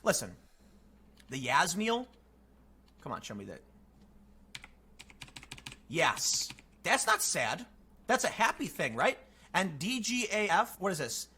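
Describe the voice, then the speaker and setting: A young man on a stream rants in casual commentary, animated and sarcastic. His voice sits high and bright, and his pitch swings all over as he mocks what he is reacting to. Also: slow, long pauses, a little hiss or hum. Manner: animated and sarcastic, with frequent mocking quotes.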